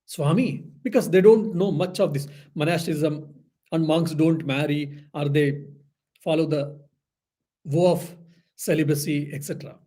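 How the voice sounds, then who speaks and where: A man's voice: a little high, measured pace, mellow. A man, a monk, giving an earnest spiritual talk, telling stories with many restarts. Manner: earnest storytelling with frequent restarts and "I mean". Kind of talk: storytelling spiritual lecture.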